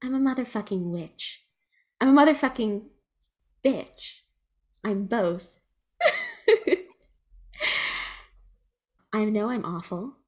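A defiant young witch, played by a woman, blunt, mocking and quick to swear. She talks in an unhurried, deliberate way, even when she pushes back. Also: medium pitch.

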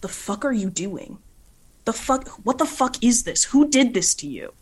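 Brief: woman playing fierce young female brawler, higher and louder than her narration, cursing, indignant. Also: expressive, slow, husky, heavily acted. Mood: baffled anger.

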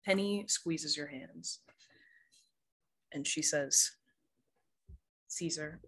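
A game master narrating a tabletop role-playing scene in an unhurried, filler-laden way. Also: medium pitch, fairly bright tone, poor audio.

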